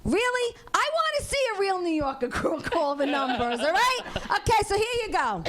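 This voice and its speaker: A woman's voice: extremely high pitch, very animated, moderate pace, hardly any pauses, a bit bright, slight background noise. A woman doing a stand-up set, chatty, brash and self-mocking. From Sicilian family. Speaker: stand-up comic.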